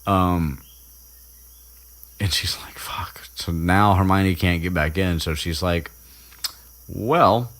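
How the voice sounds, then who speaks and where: A young man with a strikingly deep, low voice recaps a story as a podcast host. He rambles loosely, chuckling and swearing freely as he goes. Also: level tone, slow pace, long pauses, fairly bright tone. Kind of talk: casual chapter recap.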